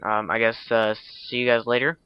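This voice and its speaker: A man's voice: mid-range voice, flat delivery, moderate pace, a little hiss or hum. A young man casually recapping a film, rambling with lots of fillers and self-corrections. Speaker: video uploader. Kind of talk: casual movie recap vlog. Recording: dull lo-fi home recording.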